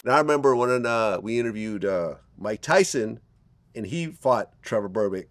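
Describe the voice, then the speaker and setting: A man's voice: medium pitch, lively intonation, normal speed. A man hosting an interview, leading the talk by recounting stories to prompt his guest. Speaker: interviewer, host. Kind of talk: conversational interview.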